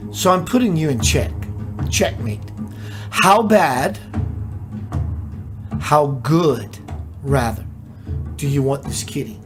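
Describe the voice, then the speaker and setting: A spiritual teacher's animated, mid-range voice carries over music during a live stream. The pace is slow and musing, with frequent rhetorical questions and viewers' chat comments read aloud.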